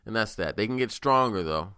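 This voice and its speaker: A man's voice: on the low side, lively intonation, a little fast, pushed and bright, smooth, dry recording, clean studio sound. A man hosting a podcast, telling stories in a rambling, profane, casual monologue. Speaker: podcast host.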